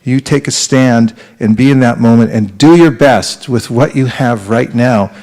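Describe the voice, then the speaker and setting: A man, a spiritual teacher, giving an earnest, conversational devotional talk to a live audience, with pauses and restarts. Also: mid-range voice, darkish tone.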